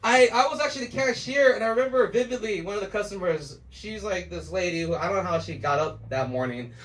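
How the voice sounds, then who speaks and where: A man with a high voice tells a rambling, profane stand-up story. He chuckles at his own jokes as he goes. The mic sits at a distance, with faint room noise behind him. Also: fast talker, a bit bright. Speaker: stand-up comedian.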